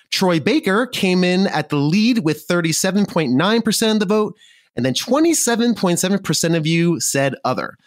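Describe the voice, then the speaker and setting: A man's voice: a little high, dry recording, clean studio sound. A man from northern New Jersey hosting a gaming podcast with casual, jokey chat. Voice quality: animated, jokey. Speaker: podcast host.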